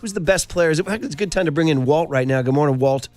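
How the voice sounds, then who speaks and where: A man's voice: a little high, fast, faint music behind. A middle-aged man hosting sports talk radio in a studio, telling stories with lots of fillers. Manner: animated storytelling, frequent fillers.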